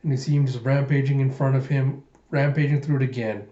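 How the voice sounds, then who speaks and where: A man casually reading through a comic aloud, narrating each page in a relaxed way. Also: medium pitch, a little fast. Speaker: manga reader. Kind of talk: casual manga readthrough. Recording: roomy, muffled home recording.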